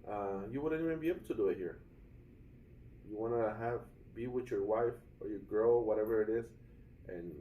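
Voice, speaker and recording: A man's voice: lowish voice, mellow, reverberant, recorded from a distance, a little hiss or hum, rough recording. A young adult man vlogging casually about a bad hotel stay, rambling with many fillers and restarts and calling his viewers guys. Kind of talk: casual vlog complaint. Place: hotel room.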